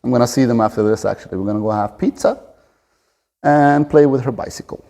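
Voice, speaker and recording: A man's voice: mid-range voice, brisk, gravelly, mellow. A man in his forties giving an earnest, encouraging motivational talk to camera as a fitness coach. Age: 40s. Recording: long reverb of a large room.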